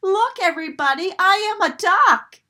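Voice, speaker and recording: A woman voicing a young boy who has become an eager little duckling, exclaiming with excitement. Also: high-pitched, a little slow, voice pushed up, exaggerated voice. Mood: excited.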